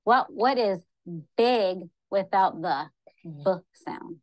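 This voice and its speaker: A woman's voice: medium pitch, expressive, slow pace, no room sound, low-quality recording. A woman teaching young children, patiently sounding out letters and sounds. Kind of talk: classroom teaching. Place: classroom.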